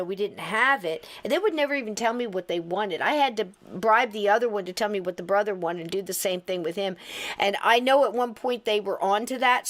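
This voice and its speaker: A middle-aged woman hosting a podcast, telling stories in a casual, animated way and laughing through them. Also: mid-range voice. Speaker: podcast host. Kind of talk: casual storytelling chat.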